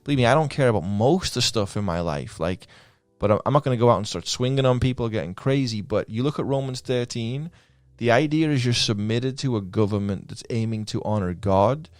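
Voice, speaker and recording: A man's voice: medium pitch, a little fast, dry recording. Storytelling Liverpudlian man, dry sound. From England. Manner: lively storyteller who acts out quoted lines. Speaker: guest, pro skater. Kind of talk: casual podcast conversation.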